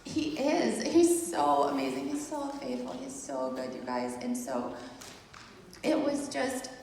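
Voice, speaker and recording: Brief: lively woman, slightly high, gravelly edge, far-off in a big echoey hall with room noise. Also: slow. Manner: animated, laughs often, addresses listeners as "you guys". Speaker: speaker sharing a birth testimony. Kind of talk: casual storytelling to a group.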